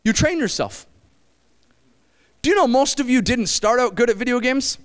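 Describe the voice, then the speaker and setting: Delivering a lively, chatty sermon to his congregation, this very high-pitched man keeps dropping into brief impressions of other people's voices.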